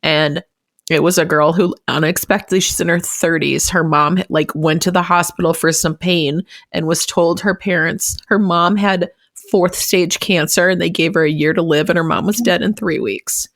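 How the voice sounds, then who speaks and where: Woman realtor on a podcast, teary and swearing, kinda low voice, dry remote-call sound. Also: steady tone, normal speed, no echo. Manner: emotional, swears freely. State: tearful. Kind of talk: casual chat. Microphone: remote recording call.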